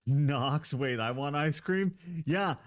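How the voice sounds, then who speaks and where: A man's voice: fairly high pitch, takes it slowly. A man live streaming, chatting casually with his viewers in a playful, giggly way and laughing often.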